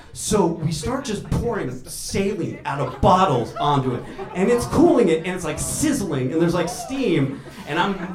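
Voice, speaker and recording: A man in his thirties, a doctor, telling a story on stage to a live audience, animated and laughing as he acts out the people in it. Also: on the high side. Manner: animated, laughing through the telling, acting out others. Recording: echoey room with a crowd.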